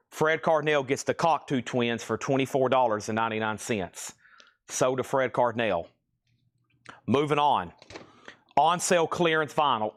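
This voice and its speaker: A man hosting a live-stream vinyl sale, calling bids in quick auctioneer patter and cracking jokes between items. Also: mid-range voice. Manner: rapid auctioneer chanting, joking asides. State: sweaty and restless, pacing.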